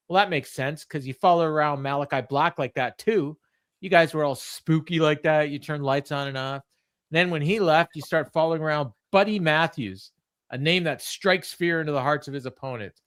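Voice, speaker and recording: Recapping a wrestling show with his podcast co-host, this man chats casually and laughs a lot as he tells the story. He has a mid-range, somewhat bright, smooth voice at a moderate pace. The home-studio audio on the remote call has no echo.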